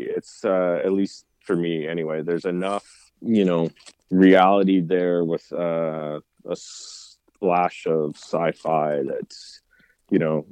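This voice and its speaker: A man's voice: darkish tone, no echo. A man co-hosting a podcast in casual chat, talking with enthusiasm and his voice leaping up when he agrees. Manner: enthusiastic, with pitch jumping up on agreement. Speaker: podcast co-host.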